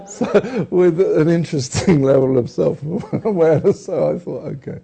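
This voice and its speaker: Creaky, mellow British man telling stories. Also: a little high, lively intonation, measured pace, hardly any pauses. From England. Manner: rambling, self-deprecating, chuckles often. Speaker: actor. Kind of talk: conversational storytelling.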